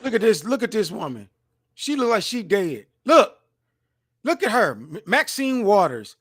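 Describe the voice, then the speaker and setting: A man in his forties reacting to news clips as host, animated, emphatic and mocking, full of slang. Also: high-pitched, normal speed, slightly rough, dry recording, studio quality.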